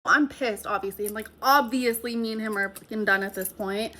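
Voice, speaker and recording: A woman's voice: on the high side, fairly quick, bright, forceful tone. A young woman telling a storytime tale to her viewers, chatty and profane, with a lot of "like" in her talk. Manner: chatty and profane, heavy use of "like". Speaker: storytime vlogger. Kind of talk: casual storytime monologue.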